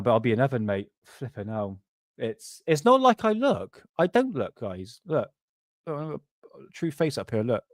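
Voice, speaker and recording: A man's voice: medium pitch, no room sound, clean studio sound. A man who hosts a paranormal livestream. He rambles casually, laughs often and swears freely.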